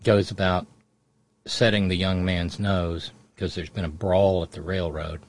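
A man's voice: sits low, little pitch movement, a little slow, slight background noise. A middle-aged man hosting a radio show, telling a family story in a rambling, digressive way. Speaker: radio host. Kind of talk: casual radio monologue.

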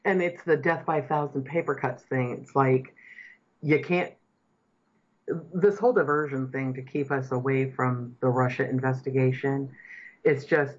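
A woman's voice: a bass voice, steady tone, moderate pace, a little mellow, highs cut off. Impassioned female talk radio host. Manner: earnest, impassioned, building to emphatic points. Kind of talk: political talk radio commentary.

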